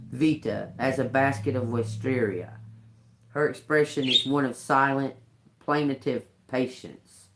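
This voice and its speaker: A woman's voice: a bass voice, slight background noise. A woman doing a casual live tarot reading, talking loosely, restarting phrases and swearing now and then. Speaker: tarot reader.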